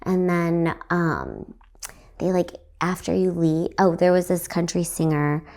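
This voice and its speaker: Young woman podcaster, kinda raspy and hoarse, mellow lowish voice, rambly story with lots of laughs. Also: lively intonation, unhurried. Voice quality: slightly raspy, recovering from lost voice. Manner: chatty, rambling, laughs often, acts out voices in quotes. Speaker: podcast host and stand-up comedian. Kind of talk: casual storytelling.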